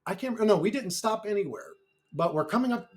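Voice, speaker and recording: A man's voice: high-pitched, animated, fairly quick. A man telling a rambling personal story to camera in a brash, profane way. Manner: brash, heavy swearing, rambling. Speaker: YouTuber. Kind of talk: casual storytelling.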